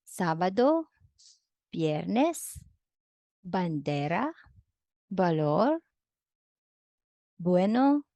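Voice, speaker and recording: A woman teaching a recorded language lesson, modeling words slowly and repeating them for learners to echo. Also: mid-range voice, gravelly. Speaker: Spanish teacher.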